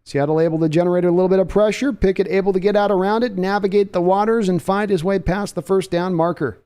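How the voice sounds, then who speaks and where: A man's voice: high-pitched, fairly even intonation, quick pace, mellow, smooth. A man hosting a live sports podcast, calling play-by-play in a chatty manner and answering viewer comments. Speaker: podcast host.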